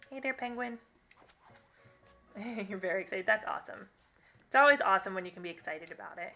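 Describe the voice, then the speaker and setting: A woman's voice: mid-range voice, fast, sharp tone, faint music behind. A young woman streaming a game, chatting casually with viewers and reading their comments, rambling and laughing often. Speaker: gaming live-streamer.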